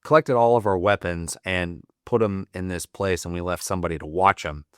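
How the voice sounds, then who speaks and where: Deep-voiced man telling profane war stories. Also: fairly even intonation, fairly quick, clear, resonant tone, no room sound, studio quality. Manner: profane, rambling, full of "like" fillers. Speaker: podcast guest, Marine veteran. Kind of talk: casual storytelling.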